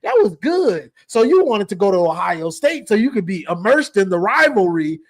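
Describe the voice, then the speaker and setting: A man's voice: high-pitched, very animated, moderate pace. A man hosting a call-in sports show, teasing and laughing through a casual rant.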